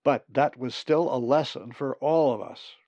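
A man's voice: medium pitch, unhurried, a little mellow, no echo, lo-fi sound, voice pushed up. A man doing a stern scolding female raven. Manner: scolding, firm.

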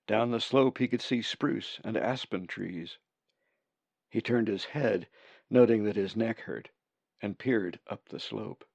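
Slow, gravelly man reading his book. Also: fairly low pitch, darkish tone, dry recording, muffled recording. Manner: measured, unhurried reading. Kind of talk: audiobook narration.

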